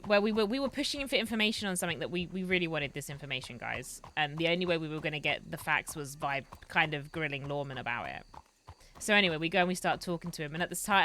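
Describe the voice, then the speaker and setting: Bright-voiced chatty woman streamer. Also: on the low side, a little hiss or hum. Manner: chatty, rambling, laughs often. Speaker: roleplay streamer. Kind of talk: casual chat while streaming a roleplay game.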